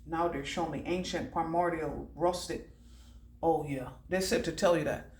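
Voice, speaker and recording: A woman giving a channelled oracle card reading. She rambles and repeats words in chanting bursts, swinging between low murmurs and loud declarations. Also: fairly even intonation, normal speed. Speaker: psychic oracle card reader. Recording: echoey room.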